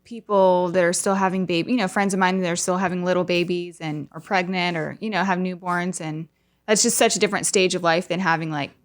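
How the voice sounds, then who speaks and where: Soft-spoken woman with a lowish voice. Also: fairly even intonation, fairly quick. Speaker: podcast guest. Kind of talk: casual chat.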